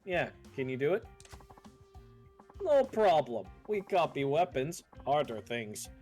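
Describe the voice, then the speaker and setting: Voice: mid-range voice, big pitch swings, takes it slowly, darkish tone. Streamer doing a cocky forger guy, choppy broken english, bouncy voice, faint music behind. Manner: clipped broken English, cheerful bravado. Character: adult male jeweler-forger, brash, broken English.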